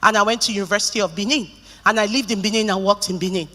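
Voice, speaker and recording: Nigerian lady giving a conference talk, bright tense voice, lots of hall reverb. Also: medium pitch, rapid-fire. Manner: lively storytelling, joking with the audience. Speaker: conference speaker. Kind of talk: keynote talk to an audience.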